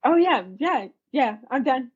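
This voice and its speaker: A woman bantering on a casual podcast, giggly and playful. Her voice is husky, fairly high and swings widely in pitch. The audio sounds dull and lo-fi. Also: lively intonation, measured pace. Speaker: podcast co-host. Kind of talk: casual chat.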